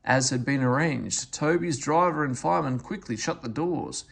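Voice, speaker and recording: Gravelly, expressive male storybook reader. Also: medium pitch, normal speed. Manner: expressive, animated narration. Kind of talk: children's story read-aloud.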